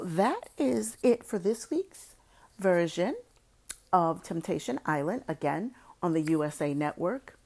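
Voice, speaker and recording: A woman with a low, gravelly voice hosts a casual podcast. She talks in a chatty, opinionated way and drops in playful little asides. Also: lively intonation, a little slow, a little mellow. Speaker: podcast host.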